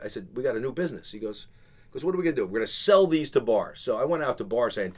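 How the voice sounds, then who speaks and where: A man's voice: medium pitch, very fast. A man, telling a long business story on a podcast and acting out the people in it. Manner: animated, acts out quoted people. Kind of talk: casual storytelling.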